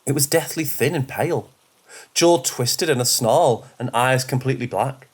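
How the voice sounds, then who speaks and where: A man reading horror stories aloud in a steady, measured narration. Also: mid-range voice, husky. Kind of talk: scripted horror story narration.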